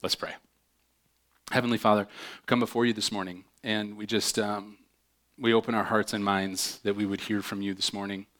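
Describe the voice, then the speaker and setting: A man's voice: fairly low pitch, level tone, fairly quick, fairly bright tone. A man preaching a sermon as pastor, upbeat and chatty, with joking asides between readings.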